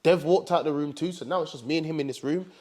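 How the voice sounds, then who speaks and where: A young man from England telling a story in a casual, animated way, full of slang like bro and fam. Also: on the high side, fast talker.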